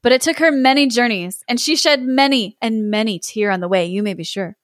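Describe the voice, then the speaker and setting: A woman's voice: on the high side, fairly quick, no room sound, studio quality, lightly acted. A woman voicing a weary, clever male pet cat who speaks politely while out of breath. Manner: tired, panting.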